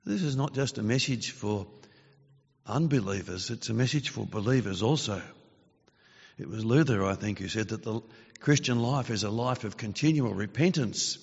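Husky-voiced man preaching in a reverberant hall. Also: fairly low pitch, expressive, a little mellow. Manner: earnest, measured, rises in force when quoting scripture. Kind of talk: sermon. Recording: dull lo-fi sound with long reverb.

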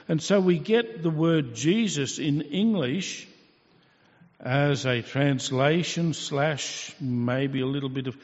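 Slow-speaking male preacher in a hall. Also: on the high side, darkish tone. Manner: slow, teaching, rhetorical questions. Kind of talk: sermon. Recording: dull reverberant hall recording.

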